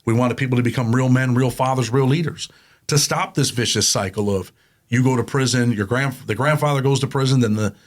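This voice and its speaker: A middle-aged man talking as a guest in a casual interview, telling stories in animated, plain street talk. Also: medium pitch, brisk. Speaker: guest, prison consultant.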